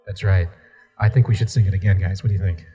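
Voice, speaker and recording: A man's voice: deep voice, fast, dark tone, husky, soft background music. A man voice actor on a convention panel, telling stories in an easygoing, self-deprecating way. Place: convention hall.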